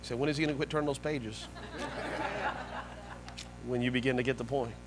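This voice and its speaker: A man preaching a sermon as pastor, animated, swinging between soft low asides and loud high-pitched bursts. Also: a little fast, rough recording. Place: church sanctuary.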